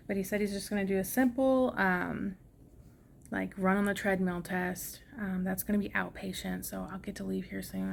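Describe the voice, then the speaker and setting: A woman's voice: medium pitch, creaky, a little hiss or hum. A young woman giving a casual vlog update from a hospital room, chatty and tired, with lots of fillers. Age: young adult. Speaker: vlogger.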